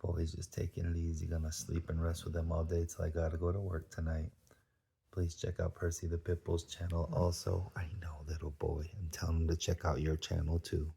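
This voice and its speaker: A man vlogging at home and softly cooing to his dogs in baby talk. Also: deep voice, monotone, a little fast, creaky, husky. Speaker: dog owner vlogger.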